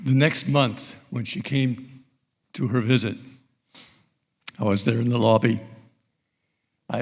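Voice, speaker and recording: Man telling a story in church, slow and measured, reverb in the hall. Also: medium pitch. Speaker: physician. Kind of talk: testimony in a sermon.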